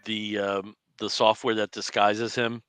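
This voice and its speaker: A man co-hosting a podcast in casual chat, animated and laughing as he talks. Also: lowish voice, unhurried, a crowd in the background. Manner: animated, laughs while telling stories. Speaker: podcast co-host.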